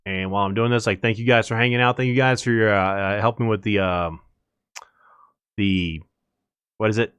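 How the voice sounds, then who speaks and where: A man's voice: lowish voice, steady tone, moderate pace, long pauses, fairly bright tone, clear, resonant tone, dry recording, highs cut off. A young man casually chatting to his live-stream viewers while he plays, rambling and counting under his breath. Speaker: game streamer.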